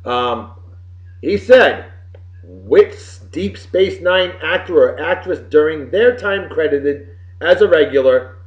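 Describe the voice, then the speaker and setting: A middle-aged man hosting a web show from home, giving casual birthday shout-outs in a boisterous, folksy, wisecracking way with some swearing. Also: a little high, expressive, slow. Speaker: show host. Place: home room with computer behind him. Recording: roomy, dull lo-fi webcam audio.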